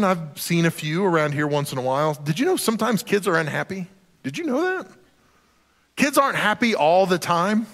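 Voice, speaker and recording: A man's voice: a little high, fairly bright tone. A man preaching a sermon as a pastor, conversational and joking, sometimes acting out quoted voices. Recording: long hall reverb.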